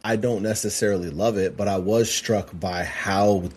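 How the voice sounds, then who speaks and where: Deep husky man chatting about movies. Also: fairly even intonation, normal speed, darkish tone. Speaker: podcast co-host. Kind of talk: casual movie podcast chat.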